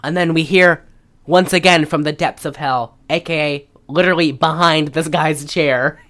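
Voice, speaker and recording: A woman's voice: low voice, fairly even intonation, normal speed, a bit bright. A woman hosting a podcast, recapping a film in casual chat and rambling with many fillers. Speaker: podcast host.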